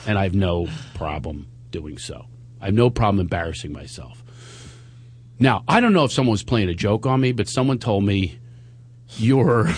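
Lively, husky-voiced male radio host. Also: sits low. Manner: animated, laughing storyteller acting out quotes. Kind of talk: casual storytelling chat.

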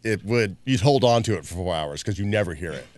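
A low-pitched man with a lively, swinging delivery. He co-hosts a casual chat show and jokes his way through stories, always ready to spin a bit. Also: fast talker, no room sound. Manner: joking, animated storyteller. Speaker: radio show co-host. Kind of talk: casual banter.

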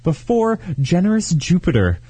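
A man's voice: high-pitched, wildly swooping pitch, normal speed, warm tone, slightly rough, no echo. A man co-hosting a casual chat show, reading horoscopes aloud with jokes and laughs. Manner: joking, laughs often, stumbles while reading. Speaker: podcast host.

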